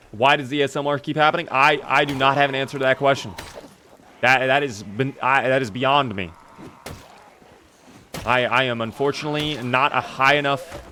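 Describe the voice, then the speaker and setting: A man's voice: medium pitch, pushed and bright, a little hiss or hum. A man streaming a video game, chatting casually with his viewers and joking in a mock-formal way while talking around a sore in his mouth. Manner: chats with viewers by name. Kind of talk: casual gameplay commentary to live chat.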